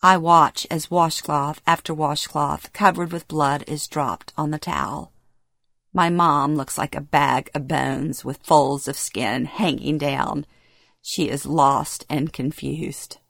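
A woman's voice: deep voice, fairly even intonation, slow, vocal fry, fairly bright tone, dry recording, clean studio sound. A middle-aged woman reading her own memoir aloud, telling it in the present tense and acting out the dialogue with feeling. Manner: present-tense storytelling, emotional acted dialogue. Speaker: memoir narrator. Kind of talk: first-person memoir reading.

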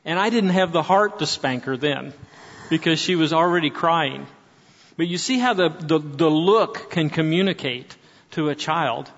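Speaking at a moderate pace in a fairly high, slightly bright voice, this man in his sixties preaches to a church gathering. He tells stories and restarts often, and the audio is dull with long hall reverb.

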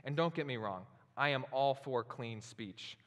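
A man preaching a sermon as pastor, moving from relaxed storytelling to loud, slow, emphatic passages. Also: mid-range voice. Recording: long hall reverb.

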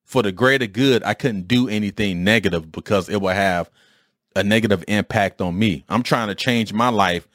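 A man in his forties or fifties from Detroit, telling a casual story on his own podcast with an animated, streetwise delivery and mild swearing. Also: lowish voice, normal speed, no echo, clean studio sound. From Detroit, USA. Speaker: podcast host.

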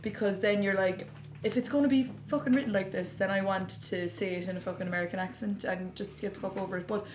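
A woman's voice: medium pitch, fairly even intonation, fast, background noise. A woman with an Irish accent, an actor chatting frankly about a script, swearing and laughing as she talks. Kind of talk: casual chat. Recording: echoey room.

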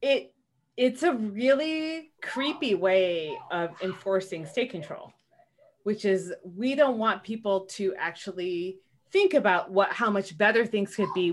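A woman's voice: medium pitch, moderate pace. A woman in her forties co-hosting a podcast, chatting casually and laughing as she talks. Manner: animated, laughs while talking. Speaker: podcast co-host. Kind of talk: casual chat.

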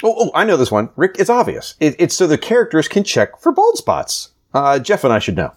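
Jokey podcast guy, self-deprecating, recaps comics with a kinda high bouncy voice. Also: wildly swooping pitch, fairly quick. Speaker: podcast co-host. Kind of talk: casual comic book recap.

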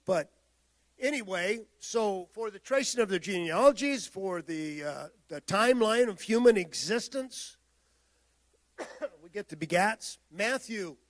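A man's voice: high-pitched, fairly bright tone, no echo. A male pastor preaching a sermon in a loose, conversational way, with asides and restarts.

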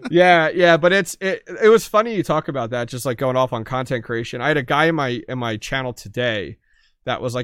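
Fairly quick and medium-pitched, his voice comes across clear and resonant as he co-hosts a casual podcast, acting out both halves of the conversations in his animated stories. It's a studio-quality recording with no room sound.

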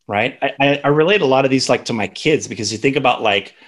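A man in his thirties gives a spoken lesson at an ordinary, mid-range pitch. He talks conversationally and keeps checking in with the listener by asking "right?" as he teaches. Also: fast talker, fairly bright tone. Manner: conversational, tags sentences with "right?". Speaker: instructor.

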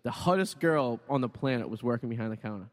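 A man's voice: mid-range voice, big-room sound. A man from the area, hosting a crude comedy radio show and telling rambling stories. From Boston area, USA. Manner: rambling storyteller, quick and animated. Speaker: show host.

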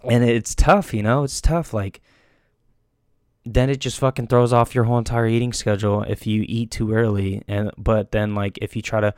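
Low, smooth-voiced man rambling casually. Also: fairly even intonation, normal speed, a little mellow, no room sound, clean studio sound. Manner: rambling, profane, frequent restarts and fillers. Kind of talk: casual monologue.

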